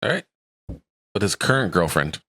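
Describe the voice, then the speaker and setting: A man's voice: low voice, sing-song, normal speed, no echo. A man with a Southern US accent, co-hosting a casual music reaction chat, chatty and singing along. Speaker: reaction video co-host. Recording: loud pop music behind.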